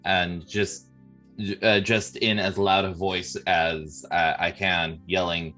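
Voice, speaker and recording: Bright-voiced, halting male player. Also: sits low, flat delivery, faint music behind. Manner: halting, many fillers.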